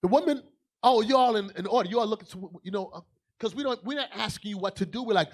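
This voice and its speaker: Fast and fiery, a bishop preaches emphatically and calls out to those gathered. Low asides give way to loud declarations and back again.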